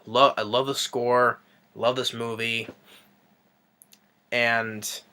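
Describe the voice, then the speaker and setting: A man talks through a film recap in a loose, rambling way, stacking up ums and restarting his sentences. His voice is bright and forceful, sitting at a middling pitch. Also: level tone, drawn-out words, clean tone. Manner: rambling, full of fillers and restarts. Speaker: movie reviewer. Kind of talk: casual movie recap.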